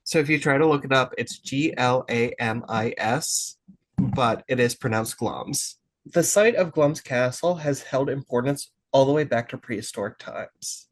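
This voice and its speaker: A man's voice: mid-range voice, normal speed. A chatty male podcast host with a mid-range voice, a bit tipsy from drinking. He laughs easily and stumbles over a word now and then. His talk moves between loose banter and reading out prepared lines. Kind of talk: casual chat and read-out episode intro.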